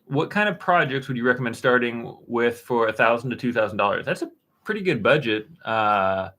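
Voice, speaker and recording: A man in his thirties hosting a casual live stream, answering chat questions in a relaxed, rambling way with plenty of fillers and restarts. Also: mid-range voice, fairly quick. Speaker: woodworking channel host answering live chat. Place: dark-painted home studio room.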